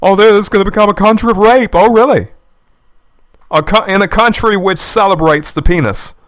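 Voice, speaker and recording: Male commentator with a smooth, resonant voice pitched a touch high, delivering sarcastic, indignant reaction commentary. Dry sound. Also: a bit bright, no room sound. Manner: indignant, sarcastic, repeats his points. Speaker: YouTube commentator. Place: lives in the United States.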